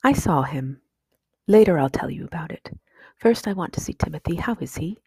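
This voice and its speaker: A protective mother speaking gently to her children, as a woman reads her in a storybook. The voice is husky and low. It sounds dry and close. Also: expressive, moderate pace, no echo, exaggerated voice. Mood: caring.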